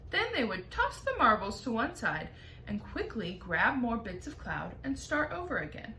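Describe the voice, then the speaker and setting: A woman teacher reading a chapter book aloud with lively storytelling. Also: on the high side, moderate pace. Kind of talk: expressive read-aloud. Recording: echoey room, faint noise.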